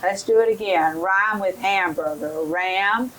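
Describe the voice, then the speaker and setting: A middle-aged woman giving a teacher training lesson, explaining in a slow, careful way and modelling rhyming drills for children. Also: medium pitch, crowd noise, rough recording.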